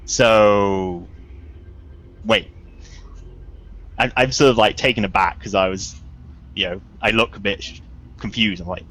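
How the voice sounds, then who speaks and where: A man's voice: on the low side, steady tone, a little slow, long pauses, fairly bright tone, poor audio. Man playing his tabletop character. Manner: describes his actions, then speaks in character. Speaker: player. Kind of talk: tabletop role-play, acting his character.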